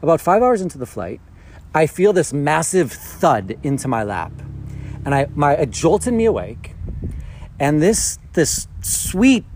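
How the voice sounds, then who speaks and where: A man's voice: fairly high pitch, very animated, unhurried, darkish tone, a little hiss or hum. A man hosting a casual podcast chat, chatty and playful as he tells stories to a friend. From United States. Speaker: podcast host.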